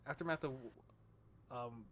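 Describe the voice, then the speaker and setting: A man hosting a casual podcast chat on a headset mic, halting and repeating words as he talks. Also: mid-range voice, slight background noise. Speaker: podcast host.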